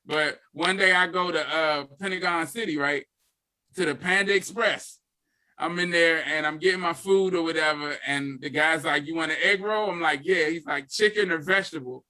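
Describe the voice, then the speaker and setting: A man with a bright, slightly raised voice hosts a loose podcast chat. He is easygoing and laughs a lot. He keeps talking with relaxed fillers. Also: a little high, moderate pace. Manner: laid-back, laughs often, many fillers. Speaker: podcast host. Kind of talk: casual chat.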